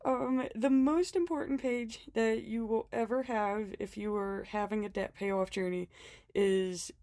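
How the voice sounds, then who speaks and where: Going a little slowly, the woman discusses her budget planner in a relaxed vlog, winded from being ill and sprinkling in ums, small laughs and self-deprecating jokes. She has a medium-pitched, dark voice with fairly even intonation, and the sound has no echo.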